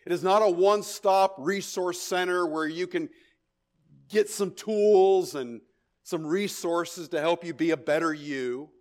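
A man's voice: high voice, a little slow, darkish tone. A middle-aged man preaching a sermon, stressing his points, repeating key phrases and checking in with the congregation. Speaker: pastor.

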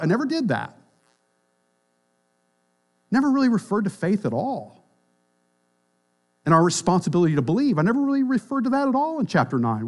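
Man preaching a sermon, high voice, emphatic, loud then hushed, church. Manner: emphatic, rises and drops sharply in pitch and volume. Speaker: pastor.

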